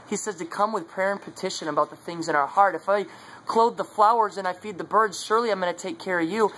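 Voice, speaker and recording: A man's voice: high voice, fast, sharp tone, rough recording. Regular guy talking about prayer into his phone, earnest and chatty, light background hiss. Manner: earnest, conversational, many fillers. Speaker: vlogger sharing faith. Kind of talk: casual devotional talk.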